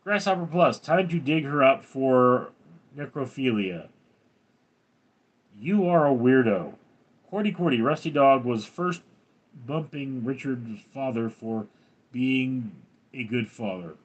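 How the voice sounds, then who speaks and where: An older man hosting a livestream, reading viewer comments aloud in a dry, deadpan way. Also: mid-range voice, takes it slowly, long pauses, lo-fi sound. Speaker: livestream host reading chat. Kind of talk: casual livestream chat.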